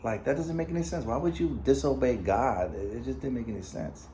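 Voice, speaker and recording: Fairly quick and mellow, his mid-range voice carries a casual personal story told to camera. The middle-aged vlog host drifts through fillers and asides, and slight background noise can be heard.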